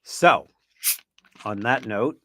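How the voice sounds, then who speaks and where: A man's voice: mid-range voice, drawn-out words, a bit bright. Chatty male host of a spiritual panel. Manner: chatty, meandering, playful asides. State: losing his voice.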